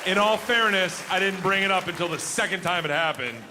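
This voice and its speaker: A rowdy male comedian doing stand-up on a live stage, his slightly high voice bursting into excited yells. Crude, loud storytelling carries over a roaring crowd and steady background noise from the live recording. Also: brisk, long reverb tail. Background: audience laughter and crowd noise.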